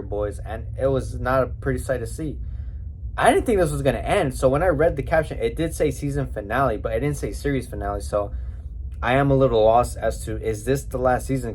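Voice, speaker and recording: Young man, casual spoken review, slangy and emotional, rambling, average pitch. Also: darkish tone, slight background noise. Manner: slangy, addresses viewers as bro and boys.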